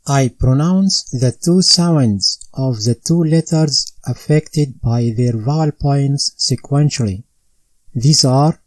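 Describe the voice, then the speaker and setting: In this instructional lesson, a Quran recitation teacher guides students carefully and slowly, voicing each drill sound twice. His voice is warm, mellow and medium in pitch, recorded dry and close with no room sound, and the recording is rough.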